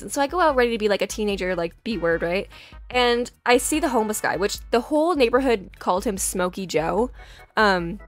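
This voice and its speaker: A young woman telling a story in a casual, chatty way, full of "like" fillers and animated asides. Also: mid-range voice, quick pace, faint music behind.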